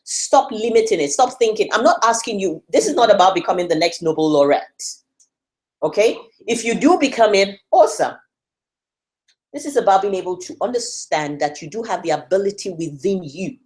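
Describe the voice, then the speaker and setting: A woman's voice: medium pitch, animated, moderate pace. A woman from West Africa giving an encouraging motivational talk to a room at a church learning session, firing rhetorical questions at her listeners.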